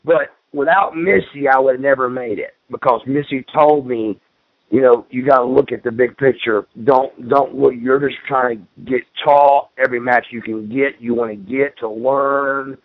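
A man at a mid pitch tells long, rambling stories from his career as a former pro wrestler, tripping over and repeating his words. His voice comes through a narrow, tinny phone-like radio line. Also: fairly even intonation, moderate pace. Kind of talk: casual storytelling in an interview.

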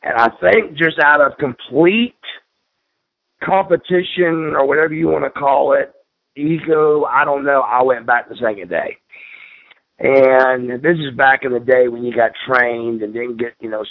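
A man's voice: mid-range voice, flat delivery, moderate pace. Man telling wrestling stories over a tinny line. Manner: rambling, repeats words, acts out quoted voices. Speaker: guest, former pro wrestler. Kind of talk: casual storytelling in an interview. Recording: tinny phone-like radio line.

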